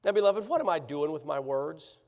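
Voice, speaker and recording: High-voiced preacher, lively and sarcastic, long echo of a church hall. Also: male voice, fairly quick. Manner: animated, sarcastic, checks in with the congregation often. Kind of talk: sermon. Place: church sanctuary.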